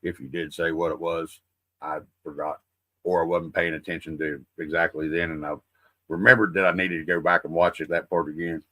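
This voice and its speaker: Bright-voiced man rambling casually. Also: low-pitched, flat delivery, a little fast, dry recording. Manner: rambling, profane, folksy. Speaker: livestream host. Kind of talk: casual livestream chat.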